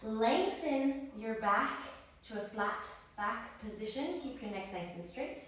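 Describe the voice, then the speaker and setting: A woman's voice: fairly high pitch, lively intonation, slow pace, fairly bright tone, recorded from a distance. A woman guiding yoga in an echoey room. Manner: encouraging cues, breath counting. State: a little out of breath. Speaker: yoga instructor. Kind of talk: guided yoga class.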